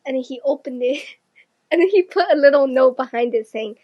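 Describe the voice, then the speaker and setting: High-pitched woman, dry close sound, rambling chatty storyteller. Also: expressive, moderate pace, no room sound, lo-fi sound. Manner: rambling, lots of "like", quoting others. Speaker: podcast co-host. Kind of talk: casual chat.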